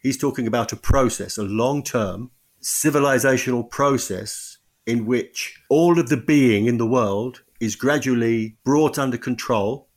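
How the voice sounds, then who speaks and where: Halting, thoughtful man. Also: medium pitch. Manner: thoughtful, halting, frequent restarts. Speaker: author and guest. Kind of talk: podcast interview.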